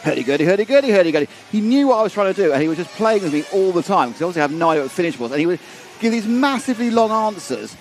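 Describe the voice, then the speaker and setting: A man's voice: high-pitched, animated, very fast, hardly any pauses, slight background noise. A man commentating a live race and telling long rambling stories with many restarts.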